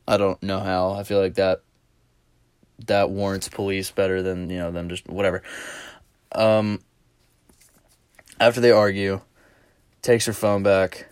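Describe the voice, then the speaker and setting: A man's voice: deep voice, level tone, measured pace, long pauses, darkish tone, clear, resonant tone, no echo. A man hosting a podcast, telling a rambling, profanity-laced story in a casual, amused way. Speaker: podcast host.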